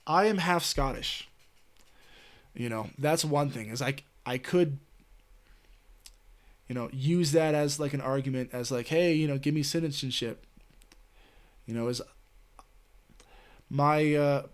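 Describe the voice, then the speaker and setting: A man's voice: mid-range voice, slow pace, long pauses. Male streamer, Southwestern US. Casual, meandering chat with plenty of filler and cursing, mid-range voice. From Southwestern United States. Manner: rambling, full of "you know" and "like", swears freely.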